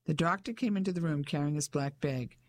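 An audiobook narrator reading a novel in an even, measured way. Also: mid-range voice. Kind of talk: scripted narration.

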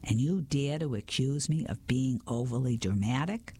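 A man's voice: mid-range voice, lively intonation, moderate pace, mellow, husky. A man whispering the part of a distraught, indignant gallery owner in a storybook reading, as whispered role-play. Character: distraught middle-aged male gallery owner.

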